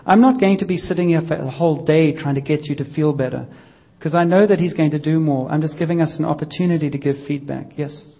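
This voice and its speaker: A man leading a casual church healing session, gently coaxing and joking with the congregation. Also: a little high, fast, creaky, hardly any pauses, lo-fi sound. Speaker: pastor leading healing prayer.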